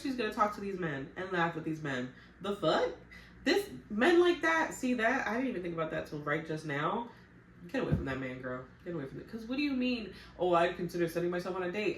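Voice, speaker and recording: A woman's voice: medium pitch, far from the mic. A woman casually recapping a reality TV show in a chatty, slangy, blunt way. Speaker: TV recap vlogger. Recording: roomy echo, voice off-mic, faint background hum.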